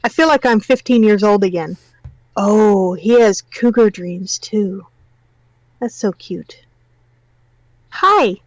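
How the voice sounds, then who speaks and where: A woman's voice: medium pitch, takes it slowly, dark tone, no room sound, poor audio. A woman reading a novel aloud on a livestream as a guest reader, breaking off for wry comments.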